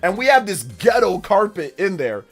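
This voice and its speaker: Over faint music, a young male livestream host speaks at normal speed in a high voice, telling a slangy, casual story. He gets animated and imitates the voices of the people involved.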